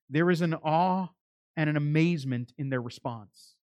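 A man delivering a sermon with a dramatic swing, voicing quoted speakers as he goes. His voice sits fairly high for a man. It sounds close and dry, with no room around it. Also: normal speed, dry recording. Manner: dramatic preaching, acting out quoted voices, rising and dropping loudness. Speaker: pastor.

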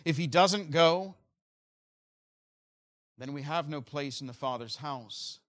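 A man preaching a sermon earnestly, moving between loud emphasis and quiet, slow stresses. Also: on the high side. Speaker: pastor.

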